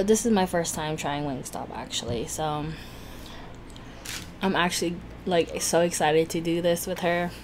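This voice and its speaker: Slow-talking, lowish woman food vlogger. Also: a little mellow, a little hiss or hum. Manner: chatty, laughs often, self-conscious about talking fast. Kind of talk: casual mukbang chat.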